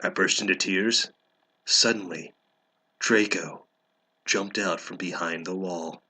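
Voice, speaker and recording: A man giving a sarcastic, mocking dramatic reading, deadpan and laughing at the text. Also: low voice, normal speed. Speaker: comedic reader.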